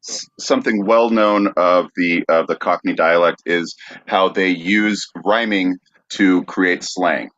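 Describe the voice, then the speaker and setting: A man with a very low voice hosts a podcast quiz segment, explaining things deliberately with plenty of "uh"s. His sound is dull and lo-fi. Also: fairly even intonation, fairly bright tone. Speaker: podcast host.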